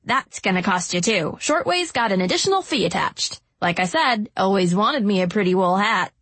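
A woman voicing a cunning older homeless woman in an audiobook, who talks in a slow, husky, chiding drawl. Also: mid-range voice, animated, fairly bright tone, no echo. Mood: wheedling. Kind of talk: audiobook narration.

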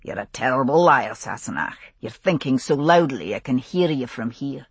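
A woman voicing a drowsy, wry Scottish man who gently teases his wife in bed. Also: extremely low pitch, animated, normal speed, husky, dry recording, pitched below the performer's own voice, heavily acted. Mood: drowsy teasing.

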